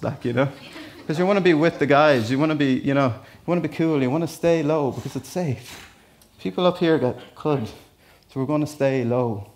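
A man's voice: mid-range voice, a little fast, hardly any pauses. An Irish man preaching a sermon in a church, talking to the congregation in a conversational, storytelling way with asides. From Ireland. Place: church hall.

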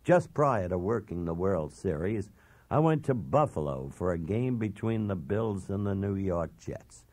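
Deep, lively man reading a memoir. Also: no echo. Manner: blunt, self-assured, emphatic. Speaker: audiobook narrator. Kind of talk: first-person memoir narration.

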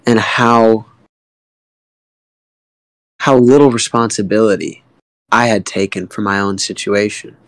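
A man's voice: lowish voice, no room sound, poor audio. Candid young man telling his story. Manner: emotional, halting, with frequent fillers and swearing. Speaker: guest artist in a community AMA.

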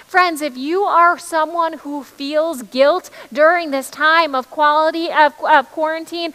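A woman pastor giving an online sermon in a reassuring way, slowing down on key words. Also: high-pitched, sharp tone. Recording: long reverb.

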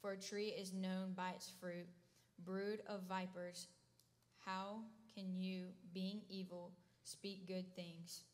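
Woman reading scripture in a flat voice. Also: medium pitch, takes it slowly.

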